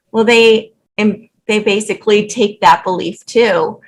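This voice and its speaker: A woman's voice: medium pitch, steady tone, normal speed, hardly any pauses, slight background noise, poor audio. A woman hosting a parenting podcast, summing up her guest's points thoughtfully before asking the next question. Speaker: podcast host. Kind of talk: conversational interview.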